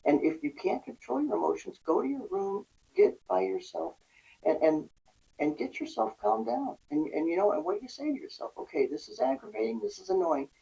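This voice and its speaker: A woman's voice: medium pitch, sing-song, moderate pace, creaky, mellow. A woman guest on a podcast, talking earnestly about parenting and resilience and acting out little scenes in quoted speech. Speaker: guest, recovery and parenting coach. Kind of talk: conversational podcast advice. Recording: distant dull lo-fi mic.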